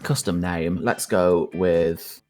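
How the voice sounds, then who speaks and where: A woman hosting a game session with friends, reading out the game's narration in a playful, lively way. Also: rumbling low, slow pace, soft background music. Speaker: host.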